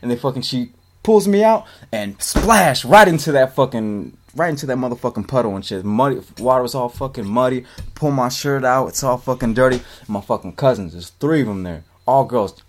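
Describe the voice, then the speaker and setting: A man in his twenties telling a long childhood story in casual, rambling style, swearing almost every line. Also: mid-range voice. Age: 20s. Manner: profane, rambling, swears constantly. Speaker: podcast co-host telling a story.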